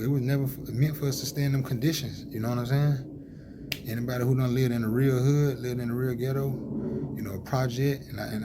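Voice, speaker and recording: A man's voice: medium pitch, creaky, mellow, slight background noise. A man with an Atlanta Southern accent talking in a rambling, heated monologue full of fillers. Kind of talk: casual street talk monologue.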